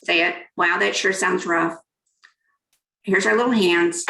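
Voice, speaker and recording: A woman's voice: fairly low pitch, moderate pace, gravelly, pushed and bright, reverberant, poor audio. A woman giving an interactive keynote on negotiation, coaching her audience through hand exercises and reading out their typed comments. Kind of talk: interactive online workshop talk.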